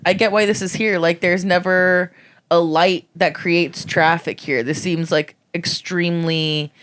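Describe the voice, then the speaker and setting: A woman chatting casually on a podcast, relaxed and wry, swearing freely. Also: lowish voice, measured pace. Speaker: podcast co-host. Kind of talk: casual chat.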